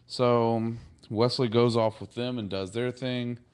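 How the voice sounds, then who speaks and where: A podcast co-host retells a TV episode in a casual chat, rambling loosely, chuckling, and filling gaps with "like" and "you know." His mid-range voice is smooth and a little mellow, with fairly even intonation and an unhurried pace.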